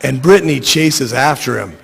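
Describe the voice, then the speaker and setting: A man's voice: medium pitch, expressive, moderate pace, creaky. Man reading a story in a hall. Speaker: author reading his story. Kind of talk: reading a short story aloud.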